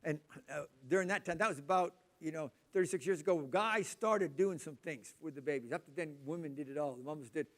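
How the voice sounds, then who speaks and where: A man in his sixties preaching a sermon, telling loud, animated family stories. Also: on the high side, fairly quick, hardly any pauses. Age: 60s.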